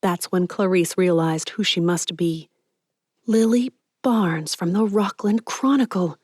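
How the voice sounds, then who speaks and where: A woman narrating an audiobook in measured, even storytelling. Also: lowish voice, slightly rough, no room sound, studio quality. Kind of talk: scripted narration.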